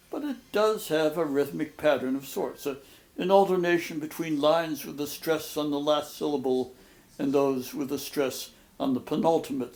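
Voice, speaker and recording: An older man giving a recorded slideshow lecture on poetry, reading poems aloud in a measured, deliberate way. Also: a little high, gravelly, a little mellow.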